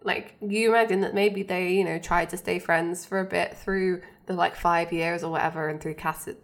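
A woman's voice: lowish voice, fairly even intonation, moderate pace, gravelly. A woman co-hosting a podcast, recapping a TV episode in a chatty, casual way with lots of fillers. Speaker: podcast co-host.

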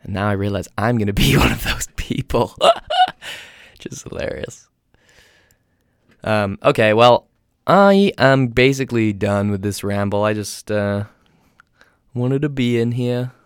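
A young man from England with an English accent softened by years in North America, talking in a casual, rambling, self-deprecating monologue. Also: on the low side, a little slow, long pauses, clean tone, no room sound, clean studio sound.

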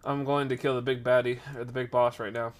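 Talking fairly quickly in a mid-range voice, a twenty-something man rambles through a story on a podcast stream. The retelling is casual and lively, dotted with lots of fillers.

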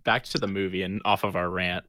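A man in casual conversation about a movie, animated and quick to laugh, acting out lines he quotes. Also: deep voice, no echo, clean studio sound.

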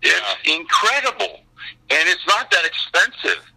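A man talking as a guest, telling animated stories and acting out other people's voices. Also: high voice, a little slow, creaky, slightly rough, poor audio. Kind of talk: animated anecdotal storytelling.

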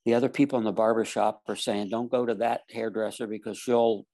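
A man's voice: fairly low pitch, fairly even intonation, brisk, gravelly, dark tone. A man earnestly telling a personal story in casual talk, acting out the other people's lines as he goes. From Florida. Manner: earnest storyteller, acts out quoted dialogue.

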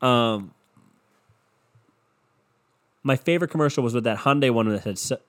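A man's voice: mid-range voice, fast, a bit bright. A man hosting a casual solo podcast, rambling and cursing with self-mocking humor, a bit congested from a cold. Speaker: podcast host.

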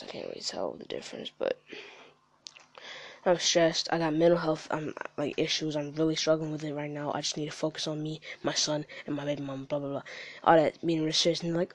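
A young man with a slightly high voice guests on a podcast, talking candidly in a studio with a dry sound. He rambles and sounds frustrated, swearing a lot and using heavy slang.

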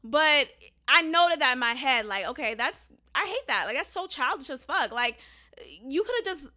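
A young woman hosts her podcast, recounting a story in a casual, unfiltered monologue. Her voice sits high and sounds bright and forceful. She talks candidly and swears freely. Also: animated, moderate pace. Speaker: podcast host.

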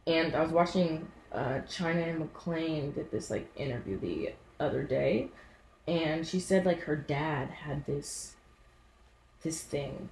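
A woman hosting her own podcast, chatting casually and telling animated stories in which she acts out what people said. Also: sits low, slow, roomy sound, a little hiss or hum, rough recording. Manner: animated storytelling, acts out voices in anecdotes. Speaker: podcast host. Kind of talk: casual solo podcast monologue.

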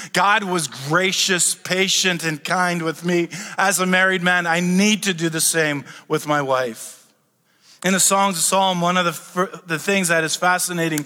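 A middle-aged man preaches in a church sanctuary, his high, bright voice turning animated and humorous. He jokes and builds to excited shouts, and long reverb rings through the hall behind him. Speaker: pastor. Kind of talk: sermon.

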